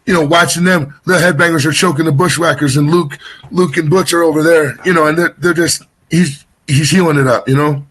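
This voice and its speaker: A man with a slightly raised, husky voice tells a rambling story in a casual interview. He jumps between details, restarts his sentences and goes off on tangents, then speeds up in quick bursts. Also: on the high side, steady tone, fairly bright tone. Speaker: wrestler guest.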